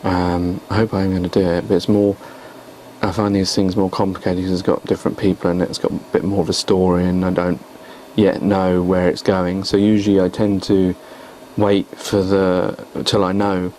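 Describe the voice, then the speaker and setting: A man's voice: low-pitched, flat delivery, normal speed, dark tone, slight background noise, rough recording. A man talking casually on his video blog about his poems, in a rambling, hesitant, self-deprecating way. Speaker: poet and vlogger.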